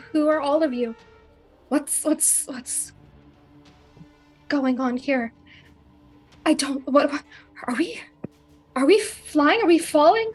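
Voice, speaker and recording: A woman voicing a panicked adventurer who wakes up confused and stammers out questions. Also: sits high. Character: panicked adventurer waking mid-fall.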